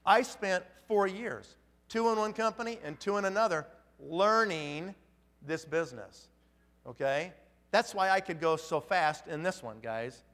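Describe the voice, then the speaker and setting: A man's voice: on the high side, a bit bright, long reverb tail. A man giving an emphatic motivational talk at a conference, firing off rhetorical questions. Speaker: motivational speaker.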